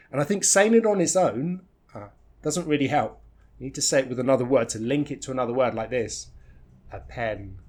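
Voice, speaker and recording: A man with a non-rhotic British accent gives a pronunciation lesson, slowly demonstrating and repeating the weak and strong forms of English words. His voice is on the high side and husky.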